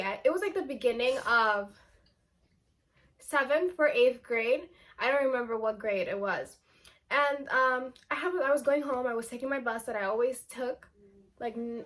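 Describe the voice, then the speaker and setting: A young woman chats through a storytime vlog, her voice high and clear. She talks casually and animatedly, stacking up "like" as she goes. Her tone stays bright and forward. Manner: chatty, animated, filler-heavy with lots of "like". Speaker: vlogger.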